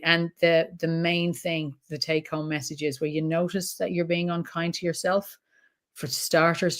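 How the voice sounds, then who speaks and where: A middle-aged woman with an Irish accent, a trauma expert talking casually as an interview guest, chatty with laughing asides. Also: low voice. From Ireland.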